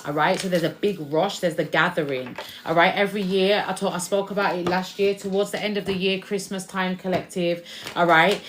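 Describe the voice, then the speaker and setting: A woman's voice: fairly low pitch, slight background noise. A woman giving a casual spiritual tarot reading to camera, chatty, checking in with "okay?" and calling viewers "babes". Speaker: tarot reader.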